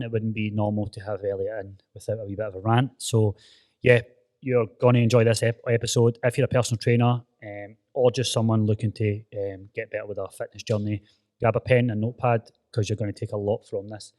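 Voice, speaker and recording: A man's voice: on the low side, steady tone, a little fast, a little mellow. Upbeat Scottish man hosting a podcast. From Scotland. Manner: upbeat, chatty, says "mate" often. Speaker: podcast host. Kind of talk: casual podcast chat. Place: gym.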